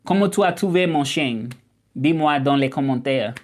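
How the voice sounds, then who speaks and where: Animated young man with a Memphis drawl. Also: on the high side, moderate pace. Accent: Southern US (Memphis). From Memphis, Tennessee, US. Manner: animated, indignant at doubters, drawling. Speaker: livestream host. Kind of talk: casual livestream chat reading comments.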